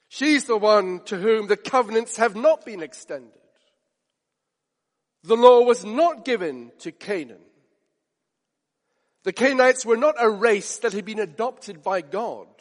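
A man preaching a sermon, emphatic, building his point with repetition and rhetorical questions. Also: high voice. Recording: long reverb of a hall.

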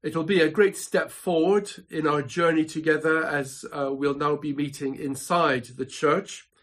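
A man preaching a sermon from his home study, measured and emphatic, building points through dramatic repetition. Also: on the high side, steady tone, fairly bright tone. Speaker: pastor.

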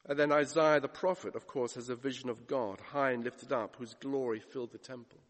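A man's voice: mid-range voice, fairly even intonation, brisk. A man preaching a sermon, retelling scripture dramatically and acting out the voices he quotes. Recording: long hall reverb.

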